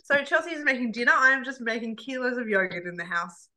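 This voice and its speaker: Bright bubbly woman presenter. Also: a little high, fast. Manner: bubbly, rambling, casual. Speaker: cooking class presenter. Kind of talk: live online cooking demo.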